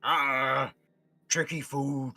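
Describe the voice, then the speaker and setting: A man voicing a hungry, slow and greedy giant toad in a tabletop game. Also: mid-range voice, flat delivery, gravelly, sharp tone, full character voice.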